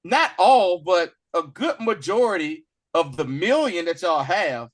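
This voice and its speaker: Man, podcast co-host, casual slangy chat, fairly high voice, very lively pitch. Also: unhurried. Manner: animated, slangy, acts out characters' lines in voices. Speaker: podcast co-host reviewing a TV episode.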